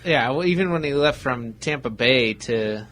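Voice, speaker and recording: A man's voice: mid-range voice, lively intonation, moderate pace, fairly bright tone. A man co-hosting a sports podcast, tossing in offhand jokes and asides. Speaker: podcast co-host. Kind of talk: casual sports chat.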